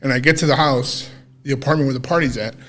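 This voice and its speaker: A man co-hosting a podcast, casually telling a story in an animated way, swearing freely and acting out what people said. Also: medium pitch, fast. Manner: animated, swears freely, acts out quoted dialogue. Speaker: podcast co-host.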